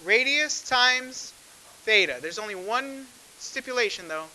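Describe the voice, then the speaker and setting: A man's voice: extremely high pitch, expressive, measured pace, pushed and bright, a little hiss or hum, low-quality recording. A man teaching a math class, talking conversationally and asking the class frequent questions. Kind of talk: classroom lecture.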